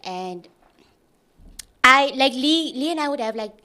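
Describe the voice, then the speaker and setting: A woman's voice: high-pitched, animated, measured pace, bright, forceful tone. A young woman intern chatting casually in a studio, emotional and giggly, rambling with restarts. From South Africa. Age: young adult. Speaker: departing intern.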